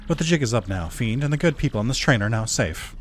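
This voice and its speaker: A man voicing a pompous, self-assured male detective in a video game, in a smug, drawn-out manner. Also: medium pitch, animated, soft background music, natural voice.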